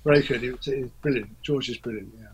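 Husky-voiced man recalling studio days. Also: mid-range voice, quick pace, poor audio. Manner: rambling, hesitant, many fillers and restarts. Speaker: interview guest, record producer. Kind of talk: casual interview.

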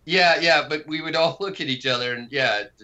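A man's voice: on the high side, brisk, sharp tone, dull audio. A man chatting casually as a guest, laughing easily and joking about himself. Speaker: co-creator and podcast guest. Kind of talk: casual conversation.

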